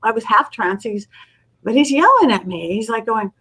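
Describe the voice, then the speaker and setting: A middle-aged woman with a fairly high voice tells a story in a casual interview. She talks with lively energy and slips into the voices of the people she describes. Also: moderate pace, slightly rough, low-quality recording. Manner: animated storyteller, acts out quoted voices. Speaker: guest psychic medium.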